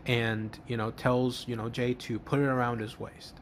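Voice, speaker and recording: A man's voice: mid-range voice, level tone, moderate pace, a little hiss or hum. A man casually narrating an imagined wrestling show step by step, often restarting and repeating words as he goes. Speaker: host, fantasy booker. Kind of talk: casual play-by-play storytelling.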